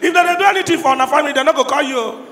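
A man from Anambra State doing stand-up comedy in Nigerian Pidgin, shouting his punchlines to a live crowd. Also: very high-pitched, very fast. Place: live comedy show in a large hall. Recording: echoey hall, crowd noise. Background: crowd laughing and cheering.

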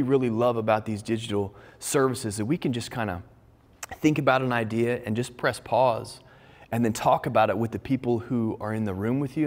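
Pastor preaching in a reverberant hall. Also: male voice, medium pitch. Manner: conversational, personal storytelling with many restarts. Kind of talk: sermon. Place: church stage with large crowd. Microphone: stage microphone.

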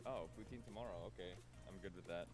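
A man's voice: deep voice, fast talker, loud music behind the voice. A man from Canada chatting casually while playing a game on stream, joking and laughing easily. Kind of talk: casual gaming chat.

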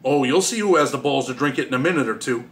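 A man voicing an excitable, scheming male prison bootlegger. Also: mid-range voice, quick pace, recorded from a distance, slight background noise, lightly acted. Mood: gleeful. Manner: eager, scheming.

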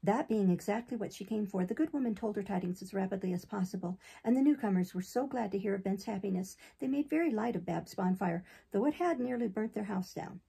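A woman reading a classic novel aloud in a steady, unhurried way. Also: mid-range voice, vocal fry, husky. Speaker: audiobook reader.

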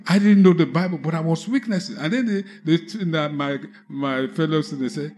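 A man preaching with a Nigerian English accent, telling a personal conversion testimony slowly, with halting restarts. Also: a little high, expressive, a little mellow. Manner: slow, halting storytelling with restarts. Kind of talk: testimony sermon.

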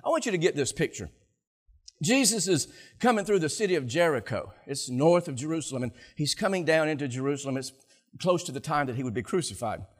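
A male pastor preaching a sermon, telling stories with animated delivery and acting out scenes, often repeating words. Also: on the high side, a little fast, husky.

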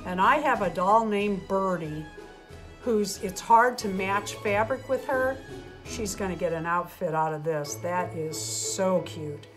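Woman doll-channel host, slow and gushing, unboxing chat; echoey room, faint music bed. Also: mid-range voice, expressive. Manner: gushing, exclaims over each gift.

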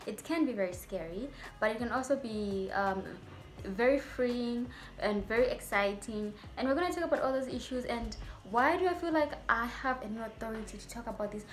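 A young adult woman, a medical student who vlogs, talks to her viewers in a chatty, rambling way full of playful asides. Her voice is fairly high and brisk, with faint music behind it.

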